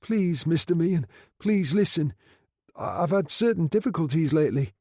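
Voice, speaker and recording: A man's voice: medium pitch, moderate pace, warm tone, no echo, clean studio sound, voice pushed up, close to an everyday voice. A man voicing a nervous, frightened undertaker who speaks anxiously and stammers, in an audiobook reading.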